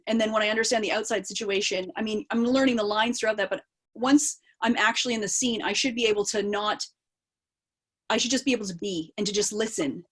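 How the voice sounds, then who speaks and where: A woman actor with a Canadian accent, answering interview questions in a casual live video chat, thoughtful and rambling with plenty of fillers and restarts. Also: mid-range voice. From East Coast of Canada.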